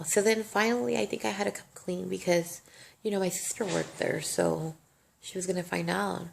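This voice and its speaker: A woman's voice: mid-range voice, fairly even intonation, quick pace, vocal fry, darkish tone, a little hiss or hum. A young woman vlogging a personal story, emotional and rambling, swearing freely. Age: young adult. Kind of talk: casual storytime monologue.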